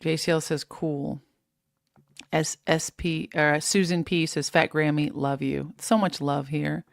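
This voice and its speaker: A woman hosting a live fitness stream, giving energetic, preachy, faith-based motivation and reading out viewer comments. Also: sits low, unhurried, creaky, no echo, clean studio sound. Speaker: host of a live fitness show.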